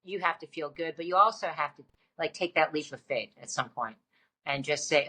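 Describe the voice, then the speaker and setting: Interview guest: middle-aged woman, low-pitched, animated, emphatic storyteller. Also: brisk. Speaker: guest author. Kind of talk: conversational interview.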